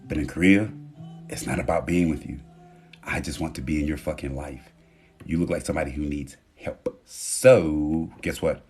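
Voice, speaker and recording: A man's voice: a bass voice, normal speed, faint music behind. A man from Houston, Texas, talking casually and candidly on a phone live stream, emphatic and swearing freely. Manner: animated, emphatic, candid with profanity.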